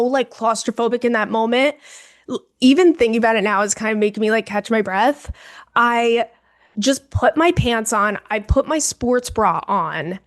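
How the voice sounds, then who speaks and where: Young woman, podcast co-host, casual dramatic storytelling, fairly high voice. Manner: animated, dramatic, talks to listeners as "girl".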